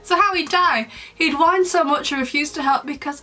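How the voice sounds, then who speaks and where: A woman's voice: high voice, fast, few pauses, bright, forceful tone. A young woman hosting a casual commentary vlog, chatty and dramatic with a playfully mean streak. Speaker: YouTuber, host.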